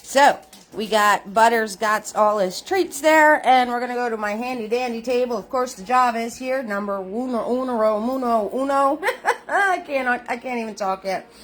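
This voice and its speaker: A woman's voice: a little high, normal speed. A woman hosting a live-streamed painting lesson, upbeat and chatty, who repeats her greetings and calls viewers sweetheart. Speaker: painting class host.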